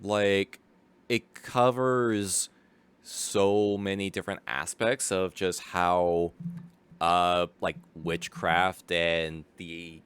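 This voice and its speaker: A man's voice: low-pitched, steady tone, drawn-out words, a bit bright, smooth. A man casually commenting as a streamer, rambling with lots of fillers and restarts and laughing easily. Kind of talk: casual live watch-along commentary.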